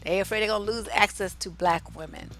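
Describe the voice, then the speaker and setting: A woman's voice: mid-range voice, fast, fairly bright tone, faint music behind. An older woman working as a relationship coach, giving a blunt, profane motivational talk to women viewers and hammering home her points by repeating them. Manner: blunt, profane and emphatic, repeating key phrases.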